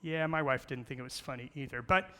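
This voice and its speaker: Bright-voiced man preaching in a hall. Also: mid-range voice, fast talker. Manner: playful, storytelling with jokes and rhetorical questions. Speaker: guest speaker on creation. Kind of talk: church presentation with slides. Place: large church hall. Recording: long hall reverb.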